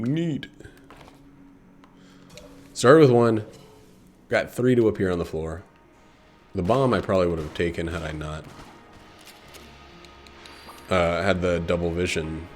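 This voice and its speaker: A man's voice: low-pitched, a little slow, long pauses, soft background music. A man giving casual, meandering commentary while he plays a video game, swearing freely and trailing off into fillers. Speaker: gameplay commentator. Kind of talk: casual rambling commentary over gameplay.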